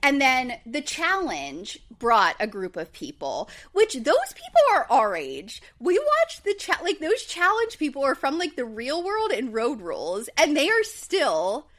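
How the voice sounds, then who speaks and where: A woman's voice: high-pitched, measured pace, hardly any pauses. A woman co-hosting a podcast, recapping a reality show in a casual, chatty way with lots of fillers. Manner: chatty, quotes people in lively voices, says like and um a lot. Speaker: podcast co-host.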